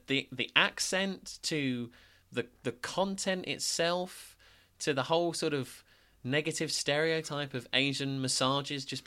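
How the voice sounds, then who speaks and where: A young man co-hosting a casual podcast, his voice at an ordinary male pitch but bright and forceful. He stammers through restarts and sounds exasperated. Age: young adult. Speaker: podcast co-host.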